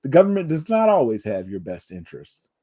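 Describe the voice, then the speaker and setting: A man's voice: mid-range voice, huge pitch swings, a little fast, warm tone, husky. A man co-hosting a podcast in casual chat, with a wry, self-deprecating humor. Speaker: podcast co-host.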